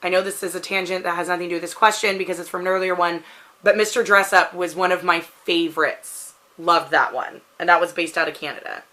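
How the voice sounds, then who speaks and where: Quick-paced and fairly low-pitched, her voice stays steady yet pushed and bright. The vlogger, in her thirties with a Pacific Northwest accent, chats loosely through a question tag, rambling with frequent "like" fillers.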